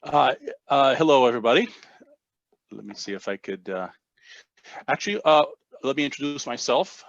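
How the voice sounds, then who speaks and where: A male professor introduces himself haltingly, stumbling over many uhs. His voice is gravelly and the recording sounds dull and dry. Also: medium pitch, expressive, no echo. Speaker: history professor. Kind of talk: impromptu self-introduction.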